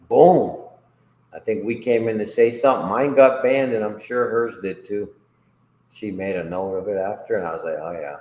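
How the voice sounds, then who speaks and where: A man's voice: low-pitched, darkish tone, echoey room, slight background noise, rough recording. A man hosting a casual livestream chat, rambling and profane, laughing often between remarks. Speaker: host.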